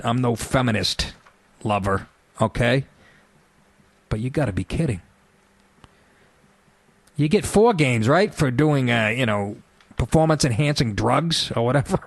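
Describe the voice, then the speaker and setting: A male talk radio host ranting in a sarcastic, profane monologue. His voice sits at an ordinary middle pitch and sounds dry and close, with no room around it. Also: dry recording.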